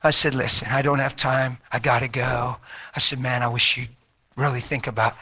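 A man's voice: mid-range voice, moderate pace, breathy edge. A man preaching a sermon, telling a story and acting out the dialogue, with folksy, colloquial talk. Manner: animated, acts out quoted dialogue in a raised voice. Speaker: traveling preacher. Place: church.

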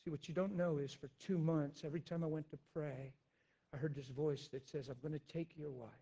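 A man preaching a personal testimony, emphatic and intense, swinging from loud declarations down to hushed, quiet recounting. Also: on the high side, steady tone, a little fast, slightly rough. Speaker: pastor. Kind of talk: sermon testimony.

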